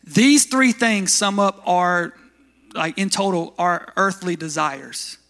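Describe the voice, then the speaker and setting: A man's voice: high-pitched, takes it slowly, fairly bright tone. A man pastor giving a conversational sermon, often asking his listeners questions and answering them himself. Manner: conversational, asks the congregation questions.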